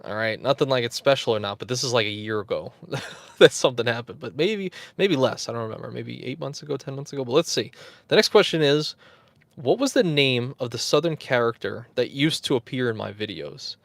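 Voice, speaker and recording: A man's voice: medium pitch, lively intonation, a little fast, gravelly, fairly bright tone, no room sound. A man hosting a casual livestream, rambling, chuckling and answering viewers in the chat. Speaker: YouTube host.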